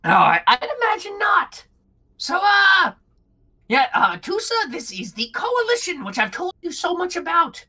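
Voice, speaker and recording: A man voicing a tiny, cheerful male kobold who is friendly and excitable. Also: extremely high pitch, measured pace, pitched above the performer's own voice, exaggerated voice. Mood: chummy. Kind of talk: voicing a character in a tabletop game.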